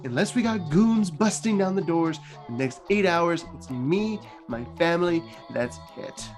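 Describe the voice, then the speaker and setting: A man voicing a stern male crime boss who is also a proud father, gruff and dismissive, with faint guitar music behind. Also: on the high side, expressive, measured pace, voice pushed up. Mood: irritated.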